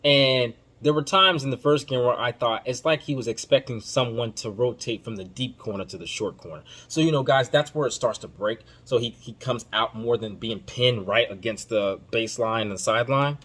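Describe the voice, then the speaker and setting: A man hosting a podcast, giving casual basketball commentary in an emphatic, informal, slang-heavy way that swings between loud outbursts and low muttering. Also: moderate pace, hardly any pauses. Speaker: podcast host.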